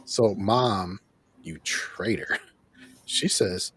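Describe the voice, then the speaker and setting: A man hosting a show, casually recapping an episode in an animated way, acting out lines and laughing often. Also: fairly low pitch, slow, breathy edge, no echo. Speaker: host of a show reviewing an episode.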